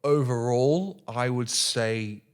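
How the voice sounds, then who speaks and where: A man's voice: mid-range voice, slow, clean tone. A young man, an actor being interviewed, speaking earnestly with many restarts and repeated words. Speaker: actor guest. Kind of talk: casual interview chat.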